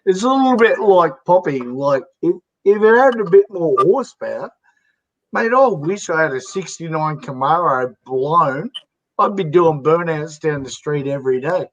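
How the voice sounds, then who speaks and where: A man's voice: on the high side, expressive, moderate pace, fairly bright tone. Rambling slangy Aussie man, lo-fi sound. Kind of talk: casual chat. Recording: dull lo-fi audio.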